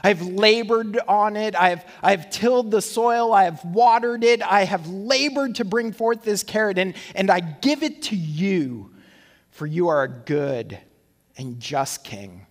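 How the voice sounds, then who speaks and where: A man voicing a humble, lowly male farmer who pleads with deference before his king. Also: lively intonation, measured pace, long reverb tail. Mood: humble, pleading.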